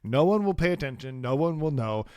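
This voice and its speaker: A man's voice: a little high, expressive, brisk, a little mellow, smooth, no room sound. A man co-hosting a casual tech podcast, giving dry, wry commentary. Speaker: podcast co-host.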